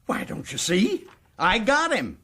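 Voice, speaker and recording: An actor playing a boastful, folksy prison governor in a radio drama. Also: male voice, medium pitch, very animated, normal speed, gravelly, sharp tone, full character voice. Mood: gleeful.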